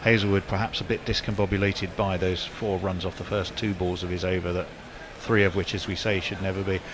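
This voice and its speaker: Wry low-voiced male cricket commentator. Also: flat delivery, a little fast, background noise. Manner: wry, chatty, wordy. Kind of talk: ball-by-ball radio commentary.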